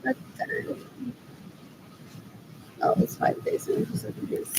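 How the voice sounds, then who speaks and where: A woman's voice: darkish tone, a little hiss or hum, rough recording. A woman vlogging in a rambling, distracted monologue, trailing off mid-sentence and repeating the same muttered phrase. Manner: drifting, halting speech with trailing half-sentences. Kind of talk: rambling unscripted monologue to camera.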